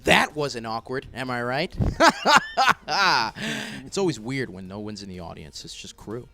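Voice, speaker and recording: A man's voice: mid-range voice, brisk, creaky, pushed and bright. A young man doing stand-up comedy in a small room with only crew watching, awkward and rambling, with many fillers and self-deprecating asides. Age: young adult.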